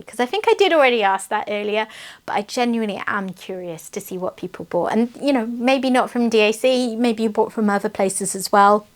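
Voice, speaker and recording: Uk woman chatting away about craft kits at home, upbeat and giggly. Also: on the high side. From United Kingdom. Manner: chatty, enthusiastic, laughs often. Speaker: craft channel host. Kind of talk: casual unboxing chat.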